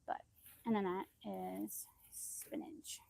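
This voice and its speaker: A woman chatting casually on a phone live stream while walking through her backyard garden, rambling loosely and calling out high to her chickens. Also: flat delivery, slow pace, gravelly, mellow, slight background noise. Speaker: vlogger. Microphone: phone held in hand.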